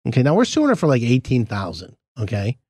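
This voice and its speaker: Lively, animated male storyteller. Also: mid-range voice, quick pace, dry recording, studio quality. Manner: animated, acts out other people's voices. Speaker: podcast co-host telling a story. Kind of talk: casual storytelling chat.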